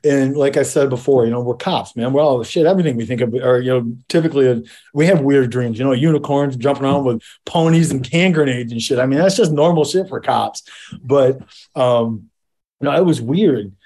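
Rambling retired cop, mellow voice. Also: male voice, mid-range voice, a little fast. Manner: rambling, repeats words, salty language. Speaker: interview guest, medically retired police officer. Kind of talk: casual interview storytelling.

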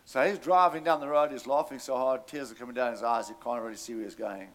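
A man's voice: medium pitch, steady tone, fast. A man preaching a sermon, telling a story animatedly and calling out to his congregation.

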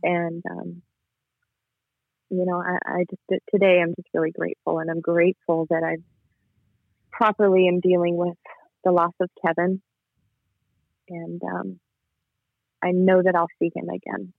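Guest caller, male, earnest and emotional, flat delivery, phone-line sound. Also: high-pitched, measured pace, vocal fry, long pauses, no echo. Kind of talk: personal testimony.

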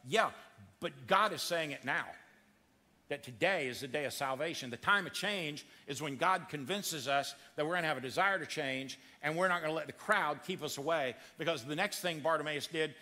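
A man preaching a sermon in a church, acting out the voices in his story with dramatic swings of pitch. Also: a little fast, in a large hall. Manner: animated, acts out quotes with big pitch swings. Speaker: pastor. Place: church sanctuary.

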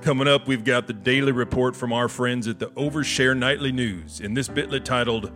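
A man's voice: medium pitch, a little fast, fairly bright tone. A man in a live comedy radio show, mumbling and chatty, talking to himself in a theatrical way. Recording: music playing under the voice.

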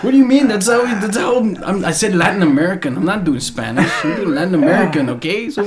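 A man's voice: high-pitched, animated, rapid-fire, crowd noise. A man doing a joking Latin American accent on a comedy podcast, laughing as he talks. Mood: playful. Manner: laughing through the bit. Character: man in a jokey Latin American accent, laid-back and teasing.

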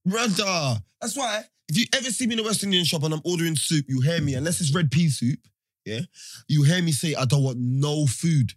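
A man, co-hosting a casual podcast and telling animated stories in slang. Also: on the high side, moderate pace, no room sound. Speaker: podcast co-host. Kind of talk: casual banter.

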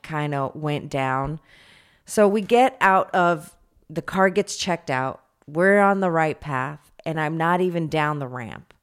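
A woman casually telling a rambling, self-deprecating story to a friend. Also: sits low.

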